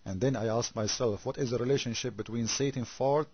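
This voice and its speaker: A man whose first language is Arabic delivers a critical commentary in a husky, slightly rough voice. He talks sarcastically and keeps piling up rhetorical questions. The sound is dry and dull, like a lo-fi recording made close to the mic. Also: mid-range voice, brisk, no echo. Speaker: religious debater.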